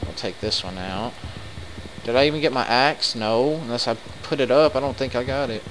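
A man commenting live on his game, excitable and quick to swear in frustrated outbursts. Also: mid-range voice, a little hiss or hum, poor audio. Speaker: let's play gamer.

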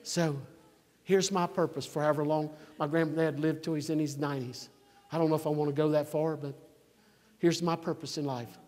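A man in his sixties preaching a sermon, swinging from near-shouts to quiet asides. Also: a little high, fairly even intonation, brisk, big-room sound. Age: 60s. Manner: emphatic, rising to near-shouts then dropping to a conversational aside. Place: church.

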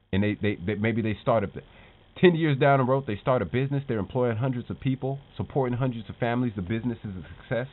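Male show host, animated motivational chatter, mid-range voice, thin phone-like audio. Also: mid-range voice. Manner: animated, calls his audience "team", keeps asking "right?". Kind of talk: motivational casual talk to viewers. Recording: tinny phone-like lo-fi sound.

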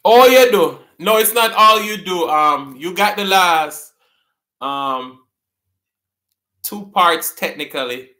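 A man's voice: fairly high pitch, takes it slowly, long pauses, pushed and bright, reverberant. A man with a Jamaican accent hosting a casual live stream, chatting with viewers and laughing often as he reads out their comments.

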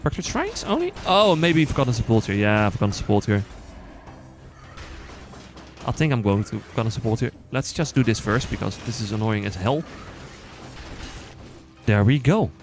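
A man with a non-native accent chatting casually to viewers while playing, quick to excited outbursts and joking at himself. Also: on the low side, soft background music. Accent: non-native English accent. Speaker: gaming channel host. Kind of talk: casual let's-play commentary.

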